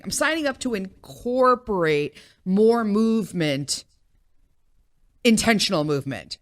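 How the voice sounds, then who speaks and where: A middle-aged woman hosts a podcast with a slightly low voice, chatting in a loose, candid monologue full of swearing and asides. Her sound is dry and close, with no room around it. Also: no echo. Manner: candid, profane, rambling with fillers and laughs. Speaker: podcast host. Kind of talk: casual monologue.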